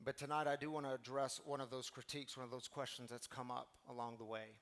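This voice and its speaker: A middle-aged man preaches a sermon as a pastor, speaking fast in a mid-range, slightly bright voice with little pitch movement. He tells stories and addresses his congregation directly.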